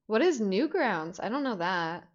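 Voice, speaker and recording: A woman's voice: mid-range voice, very animated, a little slow, highs cut off. A young adult woman telling stories in casual chat, rambling with lots of fillers and swearing freely. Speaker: podcast host.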